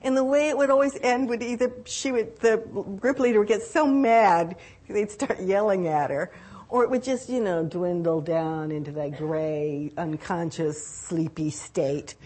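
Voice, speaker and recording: Older woman telling a personal story. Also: medium pitch. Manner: reflective, unhurried, with restarts and lively quoted voices. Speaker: speaker telling her own story.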